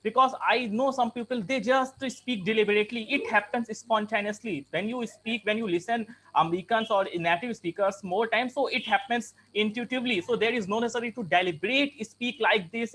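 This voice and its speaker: A man's voice: high-pitched, a bit bright. A young man in a casual group discussion, explaining points with spoken examples, repeating phrases and using many fillers. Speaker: participant in an English speaking practice group.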